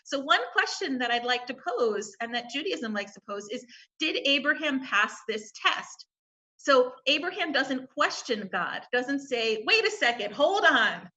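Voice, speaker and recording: A woman's voice: high voice, animated, unhurried, sharp tone. A woman rabbi speaking on a panel, reflecting on scripture and posing open questions as she retells the story.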